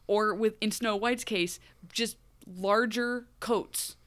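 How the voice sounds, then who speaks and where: Speaking slowly in a mid-range voice, a female podcast co-host recaps a TV episode in casual chat. She's animated and tends to ramble, performing lines from the scenes as she goes.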